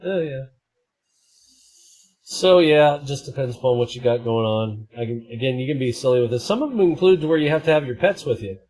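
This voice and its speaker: A man's voice: mid-range voice, expressive, a little fast, darkish tone, low-quality recording. A man chatting casually on a live stream, joking and rambling while he tries out camera filters. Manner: joking, rambling, self-deprecating.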